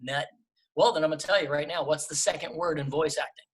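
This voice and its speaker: A man's voice: on the high side, fast. Emphatic middle-aged man on a travel mic. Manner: emphatic, lively advice-giving. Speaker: voice actor guest. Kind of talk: casual interview talk. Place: temporary remote setup away from home. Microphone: travel microphone.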